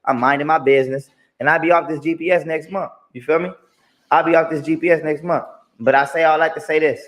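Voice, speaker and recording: A man's voice: a little high, fairly even intonation, fast, a bit bright. A man in a played clip ranting emphatically about his own experiences, repeating himself and swearing often. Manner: emphatic, repetitive, profane. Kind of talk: ranting monologue.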